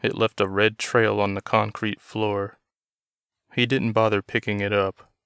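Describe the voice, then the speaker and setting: Low, smooth male story narrator. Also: flat delivery, a little slow, fairly bright tone, no room sound, studio quality. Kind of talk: scripted narration of a novel.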